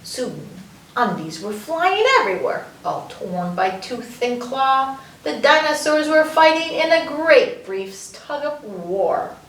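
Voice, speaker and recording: Librarian lady reading a kids' story, slow and bouncy, higher voice, echoey room, mic far off. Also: slight background noise. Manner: playful, sing-song and animated. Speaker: children's librarian. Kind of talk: story time read-aloud for children. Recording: roomy echo, mic far off.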